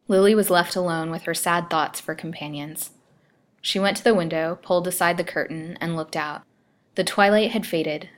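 A woman narrates an old romance novel as a storyteller, her voice pitched on the low side. Her reading is measured and expressive, steady through long descriptive passages. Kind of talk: scripted narration of a classic novel.

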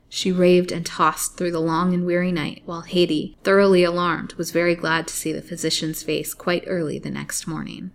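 A woman with a lowish voice reads a serialized melodrama aloud in a measured, dramatic way. Her storytelling is steady and deliberate, a classic read-aloud. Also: creaky. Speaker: narrator. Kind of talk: storybook reading of a serialized novel.

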